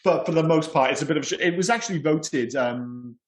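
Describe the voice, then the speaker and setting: A man's voice: a little high, quick pace. A man, co-hosting a casual film podcast, talking bluntly and at length. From Wales. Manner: candid, blunt, rambling opinions. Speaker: podcast co-host. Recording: roomy echo.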